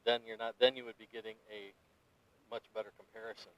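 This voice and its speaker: A man helping out on a gardening video, calmly explaining his view to his partner. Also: lowish voice, fast talker, no room sound, low-quality recording. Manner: matter-of-fact, gives his opinion. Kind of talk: casual explaining.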